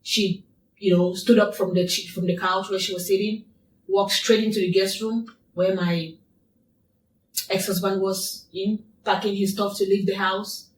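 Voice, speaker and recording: A woman's voice: medium pitch, steady tone, measured pace, a little hiss or hum. A woman guest in an interview, telling a personal story in a repetitive, emphatic way. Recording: echoey room, distant mic.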